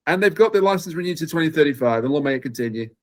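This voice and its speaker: A man's voice: on the high side, lively intonation, rapid-fire. A man hosting a podcast, eagerly recapping a plot in casual chat. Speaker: podcast host.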